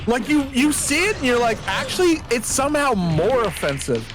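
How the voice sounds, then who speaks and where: A man's voice: extremely high pitch, big pitch swings, normal speed, background noise. A man joking and riffing as a guest in a casual gameplay chat, often trailing off. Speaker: guest co-streamer. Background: game music.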